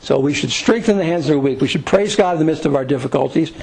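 A man's voice: a little high, quick pace, a little mellow, slight background noise, poor audio. A man leading an informal Bible study, reading verses aloud and then explaining them in plain conversational words. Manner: reads scripture aloud then paraphrases it conversationally. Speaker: Bible teacher.

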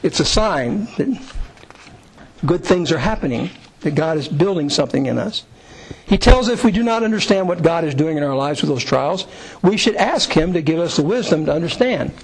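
A man's voice: expressive, moderate pace, slightly rough, poor audio. A middle-aged man preaching a sermon in a conversational way, acting out quoted prayers in a raised voice. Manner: conversational, acts out quoted prayers with rising pitch. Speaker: pastor.

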